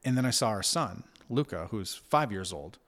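Low-voiced man recounting, halting and reflective. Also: animated, fairly bright tone. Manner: reflective, halting, many fillers and restarts. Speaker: guest recounting an experience. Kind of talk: casual conversation.

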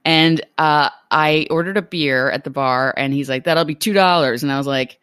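A woman's voice: very deep voice, moderate pace, clean tone, no room sound, clean studio sound. A woman in her thirties from New York, chatting casually and acting out the people in her stories. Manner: animated storyteller, acts out voices in anecdotes. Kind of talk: casual chat.

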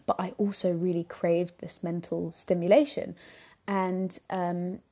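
A woman's voice: lowish voice, flat delivery, measured pace, mellow. A young adult woman talking earnestly on her own podcast about parenthood, reflective and full of "you know"s, into a microphone. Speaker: podcast host. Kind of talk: solo podcast talk.

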